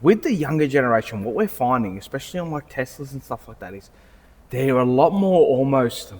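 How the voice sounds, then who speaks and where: Man, car salesman, co-hosts a casual podcast, rambling chat with restarts, mid pitch, long showroom reverb. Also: lively intonation, a little fast, darkish tone.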